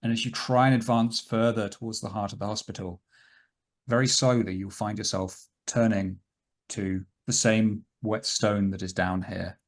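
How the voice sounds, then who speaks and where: A man narrating as game master of a tabletop game, describing scenes in a slow, dramatic way. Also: fairly low pitch.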